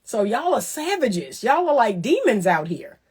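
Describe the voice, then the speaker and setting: Animated woman giving blunt dating advice. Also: on the high side, a little slow, husky. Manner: animated, preachy and teasing, acts out voices. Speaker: relationship talk host. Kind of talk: casual advice monologue.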